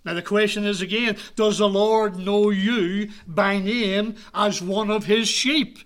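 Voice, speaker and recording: Slow, earnest male preacher with a high voice, leans into soft near-whispered moments. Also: steady tone. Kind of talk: sermon.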